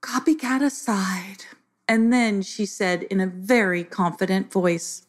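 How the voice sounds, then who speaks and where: A woman reading a children's story aloud as the narrator, in a gentle scripted telling. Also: medium pitch, fairly even intonation, a little slow, faint music behind.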